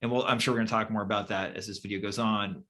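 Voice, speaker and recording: A man's voice: lowish voice, steady tone, fast, pushed and bright. A man co-hosting a casual chat as a manifestation coach, blunt and swearing casually, with lots of fillers.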